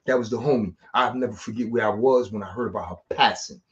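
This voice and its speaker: A man, telling street stories in a slangy, animated way. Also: fairly low pitch, fast, slight background noise. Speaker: street storyteller. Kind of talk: casual storytelling monologue. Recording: dull lo-fi sound.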